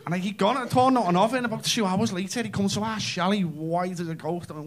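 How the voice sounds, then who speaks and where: A Scouse man in his thirties working a comedy club crowd with a stage mic. His voice sits high for a man, and he races through his stories with brash, sweary energy. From Liverpool, England. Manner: brash, sweary, fast storytelling. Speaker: stand-up comedian. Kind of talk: stand-up comedy.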